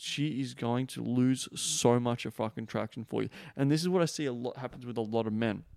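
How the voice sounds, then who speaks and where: A man with a gravelly yet smooth voice, recorded dry and close. He talks in a loose, rambling coaching style. He swears in nearly every sentence and leans on "like" as filler. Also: mid-range voice, darkish tone, no room sound. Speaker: podcast host. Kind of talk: blunt casual coaching talk.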